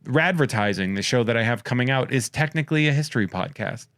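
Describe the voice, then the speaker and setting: Man, podcast host, casual comic banter, quick wry shout-outs, dry close sound. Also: medium pitch, animated, dry recording. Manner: rapid-fire jokey shout-outs, wry and crude. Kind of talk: casual comedic chat.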